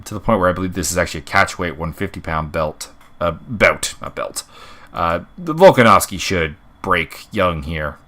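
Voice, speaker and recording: A man's voice: deep voice, sharp tone. A man hosting an MMA predictions show, giving casual unscripted commentary with many fillers and restarts. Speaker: MMA fight predictions host.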